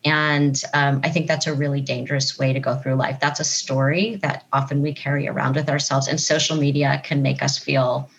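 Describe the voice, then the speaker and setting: Low-voiced woman therapist, earnest and explanatory. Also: little pitch movement, moderate pace, hardly any pauses, slight background noise. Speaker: psychotherapist guest. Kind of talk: conversational interview.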